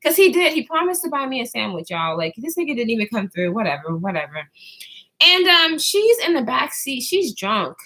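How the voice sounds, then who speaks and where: A young woman's high, bright voice carries a long storytime vlog told straight to her camera. She talks casually and swoops all over her range. She curses freely and throws herself into playing the other people in the story. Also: brisk, hardly any pauses. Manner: animated, profane, acts out quotes in others' voices. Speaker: vlogger.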